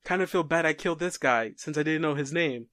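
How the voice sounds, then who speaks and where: A man's voice: fairly high pitch, brisk, a bit bright, dry recording, clean studio sound, lightly acted. A man voicing a cocky, smug masked male warrior who talks in a breezy, mock-polite way.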